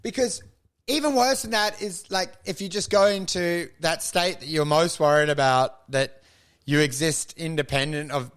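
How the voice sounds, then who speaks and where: A man with a high, bright speaking voice chatting on a podcast. He talks in animated bursts, swears a lot and often slips into loud mock voices. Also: normal speed. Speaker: podcast co-host. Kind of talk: casual podcast chat.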